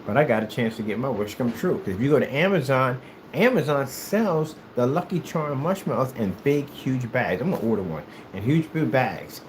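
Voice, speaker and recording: A man from the United States chatting casually while he plays, telling rambling, animated stories in a hyperactive way. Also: mid-range voice, normal speed, a little hiss or hum. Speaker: gaming streamer. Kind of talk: casual chat while playing.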